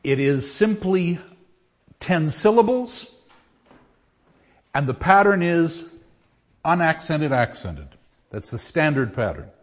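A man teaching a class, explaining verse and reading lines aloud with pauses. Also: a little high, big pitch swings. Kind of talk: classroom lecture. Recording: dull lo-fi classroom recording.

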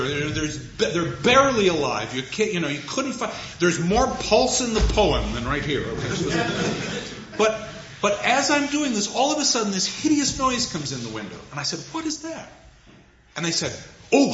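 A man's voice: sits high, moderate pace. A man lecturing on literature, telling a classroom story and acting out his students. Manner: animated storyteller, acts out students. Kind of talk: lecture with anecdote. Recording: echoey lecture hall, dull noisy audio.

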